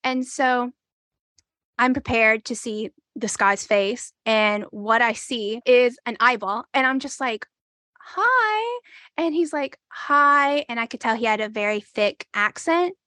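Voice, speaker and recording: A woman's voice: on the high side, steady tone, a little slow, a bit bright, no echo. A woman in her twenties telling her story in an interview, hesitant, full of "like" and acting out what people said. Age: 20s. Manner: hesitant, fills with "like" and acts out quoted dialogue. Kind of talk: conversational storytelling.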